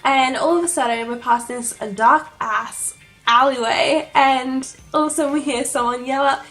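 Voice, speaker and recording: Gushing high-voiced young woman. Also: fairly even intonation, normal speed, a bit bright, faint music behind. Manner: gushing, breathless, heavy use of "like". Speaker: vlogger. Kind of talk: excited storytelling vlog.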